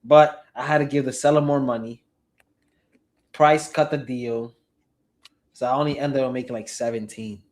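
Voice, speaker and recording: A young man in a relaxed casual chat about wholesaling real estate deals, slangy and easygoing. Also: mid-range voice, normal speed, pauses often. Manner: relaxed, slangy, says bro.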